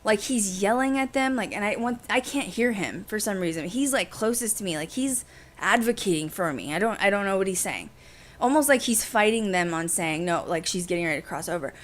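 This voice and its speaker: A young woman hosting a casual livestream, recounting a personal story in a lively, rushed way. Her voice sits at an ordinary middle pitch for a woman. She keeps dropping "like" into nearly every sentence. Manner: animated, fast, heavy use of "like". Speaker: podcast host.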